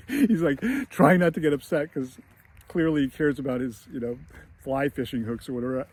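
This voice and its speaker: A man's voice: medium pitch, moderate pace, darkish tone, no room sound. A man giving a casual, rambling film analysis with many fillers and chuckles. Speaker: screenwriting commentator.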